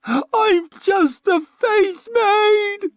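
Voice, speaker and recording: Man voicing a panicked young maid, very high shrieks, loud, close dry sound. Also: extremely slow, no room sound, full character voice. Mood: panicked shrieking. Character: terrified young woman ladies' maid, shrieking.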